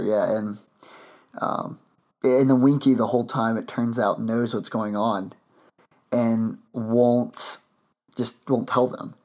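A man's voice: mid-range voice, steady tone, takes it slowly. A man hosting a podcast, chatting casually and rambling with lots of fillers and restarts. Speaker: podcast host.

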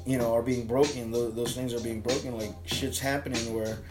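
A man's voice: mid-range voice, fairly quick, music in the background, low-quality recording. A man chatting casually on a podcast, rambling and swearing constantly. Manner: profane, rambling, animated. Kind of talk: casual chat.

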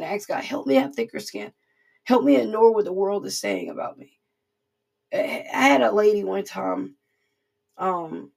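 A woman's voice: medium pitch, creaky, a little mellow. A woman giving an informal devotional sermon in an earnest, repetitive, conversational way. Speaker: preacher.

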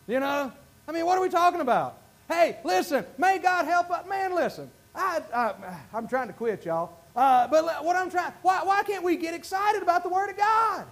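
A man preaching a sermon, swinging from quiet asides to shouted bursts of praise. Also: extremely high pitch, lively intonation, normal speed. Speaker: pastor.

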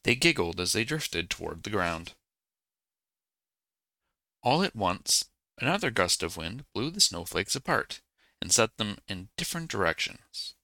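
Deep gravelly male bedtime reader. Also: sing-song, measured pace, sharp tone, no room sound. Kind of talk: slow bedtime story reading.

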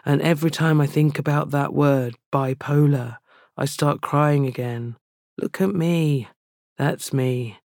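Slow, flat-voiced male spoken-word poet. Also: fairly high pitch, no room sound, clean studio sound. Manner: slow, even, intimate delivery. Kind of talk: confessional spoken-word poetry.

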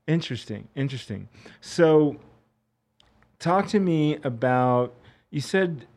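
A man hosting an interview, asking slow, halting questions with many fillers. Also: fairly high pitch, expressive, a little mellow. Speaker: interview host. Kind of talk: casual interview.

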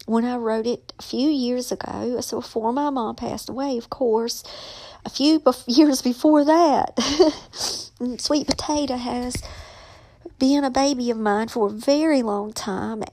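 A woman's voice: on the high side, darkish tone. Emotional woman author, whispering at times. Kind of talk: casual personal vlog.

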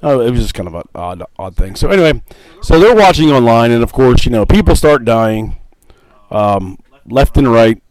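A man's voice: mid-range voice, animated, normal speed, darkish tone, no echo, poor audio. A man co-hosting a casual movie review podcast, rambling with lots of fillers and frequent laughter. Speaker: podcast co-host.

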